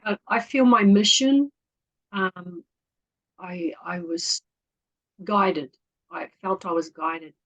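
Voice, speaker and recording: A woman in her fifties with a New Zealand accent speaks in a fairly low voice. She talks earnestly and softly, and her phrases often trail off as she goes. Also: slow, pauses often, low-quality recording. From Netherlands, raised in New Zealand. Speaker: guest. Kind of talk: casual interview talk.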